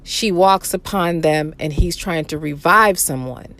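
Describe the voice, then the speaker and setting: Woman commentator, sarcastic, swears, slow delivery, lower voice. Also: a bit bright, no echo. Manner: sarcastic, incredulous, swears freely. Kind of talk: reaction commentary.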